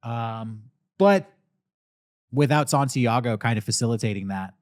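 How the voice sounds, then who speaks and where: A man's voice: mid-range voice, measured pace, dry recording. Podcast host guy, casual easygoing talk, super dry sound. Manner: relaxed, reads listener questions aloud. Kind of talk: casual chat.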